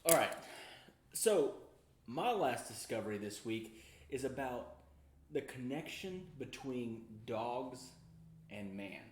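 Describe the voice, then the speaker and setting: A man co-hosting a podcast, reacting and chatting in lively banter. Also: medium pitch, slow pace, long pauses, roomy sound, slight background noise. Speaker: podcast co-host. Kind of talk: casual chat.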